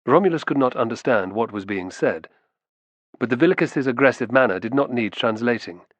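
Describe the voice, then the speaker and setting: A man reading an audiobook in steady, measured scripted narration. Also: mid-range voice, dry recording.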